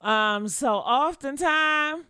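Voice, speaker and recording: A woman's voice: high voice, drawn-out words, sharp tone, dry recording, clean studio sound. A woman commentator giving a blunt, profane, preachy rant in a casual style. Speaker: online commentator.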